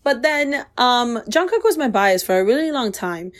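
A woman's voice: a little high, animated, normal speed. A young woman in casual chat as a fan vlogger, gushing and effusive, piling up superlatives.

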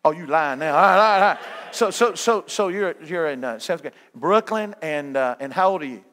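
A man's voice: on the high side, lively intonation, fairly quick, fairly bright tone, a little hiss or hum. A middle-aged man preaching a sermon as a guest evangelist, folksy and joking with his listeners.

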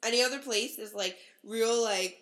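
A woman's voice: fairly high pitch, moderate pace, fairly bright tone. A woman co-hosting a casual podcast chat, teasing and laughing often, with a stuffy nose. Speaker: podcast co-host.

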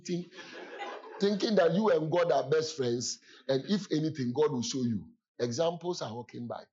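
A man preaching a sermon, telling stories from his past with sudden loud exclamations and laughter. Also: mid-range voice, slightly rough, lo-fi sound. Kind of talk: sermon storytelling.

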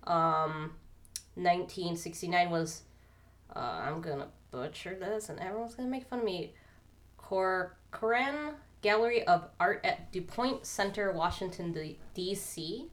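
A woman's voice: on the low side, measured pace. A woman co-hosting a podcast in casual chat, getting over a cold, chatty with giggly asides. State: recovering from a cold. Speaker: podcast co-host.

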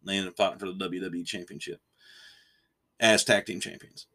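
A man talks wrestling in an easygoing podcast chat, his voice very low yet bright and forceful. He rambles and restarts his sentences, opinionated throughout. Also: steady tone, brisk. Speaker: podcast co-host.

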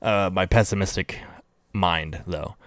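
A man hosting a laid-back podcast in a somewhat low voice. He is upbeat and laughs easily, often poking fun at himself. The recording is dry and close. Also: measured pace, fairly bright tone, no echo. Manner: upbeat, laughing, self-deprecating. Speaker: podcast host. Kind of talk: casual chat.

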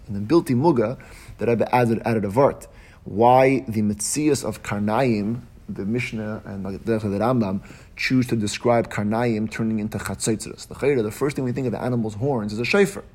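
A man giving a Talmudic lecture in a sing-song study cadence, his voice at an ordinary middle pitch. He talks fast, restarts his sentences, and pushes up high and loud whenever he reaches a key point. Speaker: Torah teacher.

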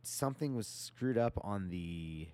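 A man's voice: lowish voice, animated, a little slow, darkish tone, smooth, no echo. A man in his forties from the United States, co-hosting a podcast in casual chat, hesitant and musing. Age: 40s. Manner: hesitant, musing, repeats words. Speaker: podcast co-host.

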